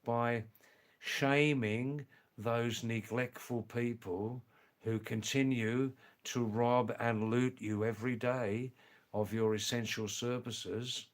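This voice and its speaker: A man's voice: mid-range voice, fairly even intonation, takes it slowly. A middle-aged man from Australia, hosting a casual livestream and talking back to viewers, emphatic and repeating his key points. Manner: emphatic, repeats key phrases, frequent ums. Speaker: livestream host.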